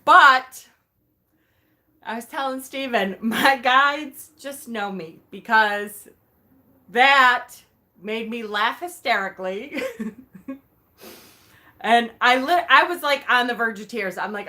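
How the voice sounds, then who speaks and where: A woman vlogger telling a story about her day in a casual, animated way, laughing often and acting out her own reactions. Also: fairly high pitch, takes it slowly, long pauses.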